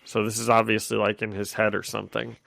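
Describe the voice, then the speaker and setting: Podcast co-host, man, excitable and laughing, gravelly tone on a dry mic. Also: lowish voice, fast, dry recording. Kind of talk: casual chat.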